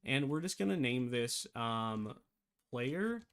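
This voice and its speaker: A man talks through a software tutorial in a loose, casual way, thinking aloud and catching his own slips. His voice sits at an ordinary middle pitch. He has the hiccups. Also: expressive, slow pace, clear, resonant tone. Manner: rambling, self-correcting, thinks aloud. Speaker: game development tutor. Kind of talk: casual screen-share tutorial.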